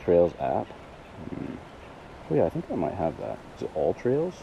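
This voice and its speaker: Gravelly-voiced man streaming live from a hiking trail. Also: deep voice, wildly swooping pitch, normal speed, muffled recording, slight background noise. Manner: chatty, thinks aloud, self-deprecating. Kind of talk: live-streamed hiking vlog, chatting with viewers. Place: outdoor hiking trail in a wooded valley.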